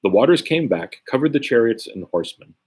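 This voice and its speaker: Here a man runs a relaxed Bible study, reading passages aloud and chatting about them with frequent "right?" tags. His medium-pitched voice is husky, a little mellow and sing-song, and he moves at a fairly quick clip.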